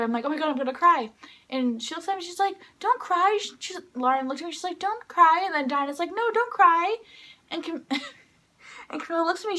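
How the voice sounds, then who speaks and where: A young woman vlogger telling an excited, rambling story to the camera, filling it with "like" and acting out quotes. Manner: excited, rambling, heavy use of "like"; acts out quoted lines in a higher voice. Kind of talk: casual storytelling vlog.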